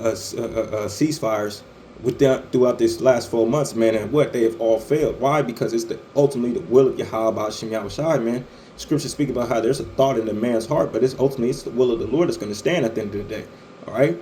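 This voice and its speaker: A man's voice: medium pitch, warm tone, a little hiss or hum, rough recording. A man delivering a profane religious-political rant, stammering often and tagging his lines with "man" and "right". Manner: stammering, repeats "man" and "right", swears freely. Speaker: online commentator.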